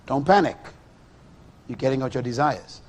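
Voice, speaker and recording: A middle-aged man preaching a sermon, animated and full of rhetorical questions to his listeners. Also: mid-range voice, normal speed.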